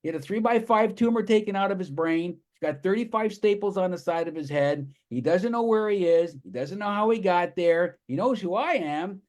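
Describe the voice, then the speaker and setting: A man giving a live presentation to an audience, telling stories with enthusiastic, animated energy. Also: high-pitched, brisk, few pauses.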